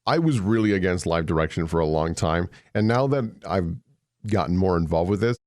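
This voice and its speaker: A man's voice: low voice, expressive, fairly quick, darkish tone, dry recording, clean studio sound. A young man co-hosting a casual podcast, easygoing and chatty, full of fillers. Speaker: podcast co-host and voice actor. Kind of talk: casual chat.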